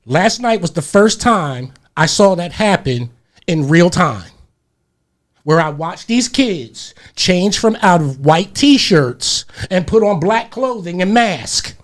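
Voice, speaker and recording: A man hosting a radio talk show, telling a story in an animated, slangy, emphatic way and repeating words as he gets heated. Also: high voice, takes it slowly.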